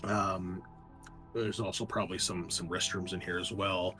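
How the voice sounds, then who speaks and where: A man's voice: low-pitched, little pitch movement, moderate pace, bright, forceful tone, faint music behind. Rambling male game master. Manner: rambling, full of ums and likes. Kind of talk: narrating a tabletop game.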